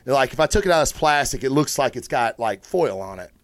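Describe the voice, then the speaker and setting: A man hosting a comic book review show, talking in a casual, rambling, excitable way and swearing freely. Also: mid-range voice, brisk, no echo. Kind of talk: casual solo review talk.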